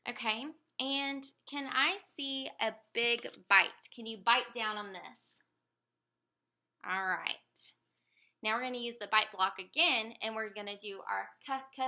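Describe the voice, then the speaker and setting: A woman running a motor speech examination, giving calm step-by-step instructions. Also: fairly high pitch, a little slow. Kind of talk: clinical motor speech exam.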